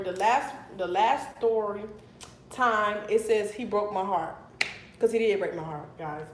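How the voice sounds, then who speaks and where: Young girl doing a storytime live, loud and blunt, cusses a lot, echoey room. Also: medium pitch, slight background noise. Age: young adult. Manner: animated, blunt, swears often. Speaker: vlogger telling a storytime. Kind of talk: casual livestream storytime. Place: her apartment, indoors.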